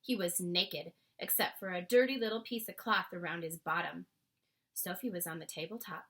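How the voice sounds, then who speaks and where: A woman reading a children's book aloud with expressive storytelling. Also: lowish voice, moderate pace.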